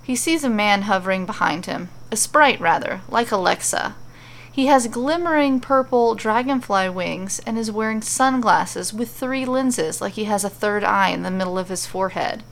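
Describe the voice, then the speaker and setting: Gravelly woman reading a playful story. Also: medium pitch, lively intonation, moderate pace. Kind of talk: storybook narration.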